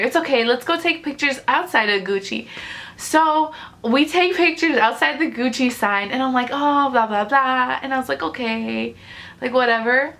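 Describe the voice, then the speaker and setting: A woman's voice: a little high, pushed and bright. A young woman telling a storytime vlog in emotional, rambling casual slang, sighing and near tears. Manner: casual slangy talk full of likes. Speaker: vlogger.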